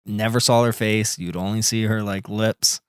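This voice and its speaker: Low-voiced man, loose podcast chat. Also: fairly even intonation, moderate pace, clean tone, no echo, studio quality. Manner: loose, filler-heavy, swears casually. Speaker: podcast co-host. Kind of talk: casual chat.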